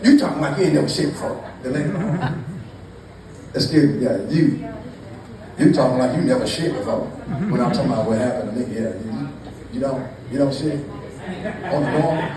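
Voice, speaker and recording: A man's voice: medium pitch, normal speed, long pauses. A man doing stand-up storytelling to a live crowd, loose and profane, teasing the audience. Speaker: stand-up comedian. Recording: echoey, distant mic with noise.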